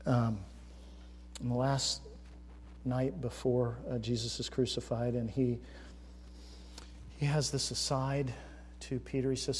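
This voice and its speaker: A man preaching a sermon as pastor, moving between quiet reflection and loud, emphatic rhetorical questions. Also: mid-range voice, little pitch movement, slow pace, pauses often, slight background noise. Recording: reverberant hall.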